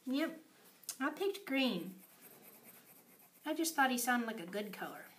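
A woman leads a preschool circle time in a high, lively voice that swoops up and down. She talks slowly and brightly in a sing-song way, sometimes dropping into a hush. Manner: sing-song, exaggerated storytelling with sudden whispers and shouts. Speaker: preschool teacher. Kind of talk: circle time lesson for young children.

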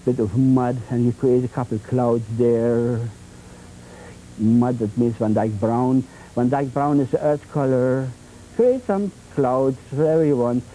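A man demonstrating oil painting on a 1980s TV show, talking in a halting, repetitive way with many fillers and playful folksy phrases. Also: a little high, warm tone, a little hiss or hum, low-quality recording. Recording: 1980s TV tape transfer.

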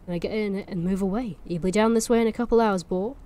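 A woman's voice: mid-range voice, steady tone, fast, dark tone, natural voice. Woman doing a broad Norfolk farmhand. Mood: uneasy warning. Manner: earnest warning, broad rural dialect. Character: superstitious male Norfolk farm labourer, Shandy.

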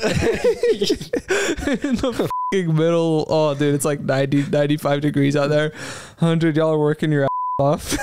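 A man's voice: fairly high pitch, noisy background. A young man hosting a podcast, telling summer job stories in casual chat, laughing often and swearing freely. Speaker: podcast host.

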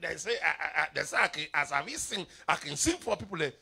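This is a middle-aged preacher in full sermon flow, swinging from low asides to sudden shouts. His voice is bright and a little gravelly, and his pitch leaps all over as he teases the congregation. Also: quick pace. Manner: animated preaching in pidgin-laced English, sudden shouts and playful asides. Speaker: apostle preaching at a revival.

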